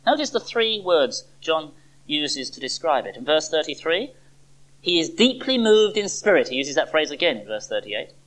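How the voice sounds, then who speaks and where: Preacher, sermon, animated pitch, dramatic pauses, rhetorical questions, church service. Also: low-quality recording.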